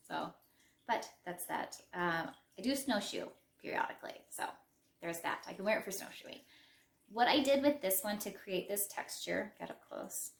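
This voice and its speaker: A woman's voice: medium pitch, gravelly. Chatty Western Canadian woman in a roomy space. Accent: Western Canadian English. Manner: chatty and rambling, self-deprecating asides. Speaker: crochet podcast host. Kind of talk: casual show-and-tell chat. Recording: roomy echo.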